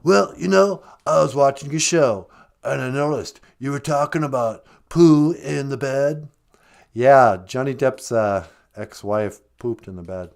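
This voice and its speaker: A man doing an impression of a laid-back male movie star, speaking in a slow, easygoing drawl. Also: mid-range voice, creaky.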